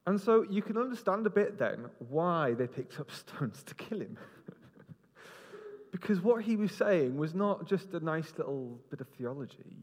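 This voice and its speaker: Man, preacher, lively and jokey, fairly high voice, long echo of a big hall. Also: normal speed. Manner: lively, jokey, directing people on stage. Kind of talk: interactive sermon with volunteers. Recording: long reverb in a large hall.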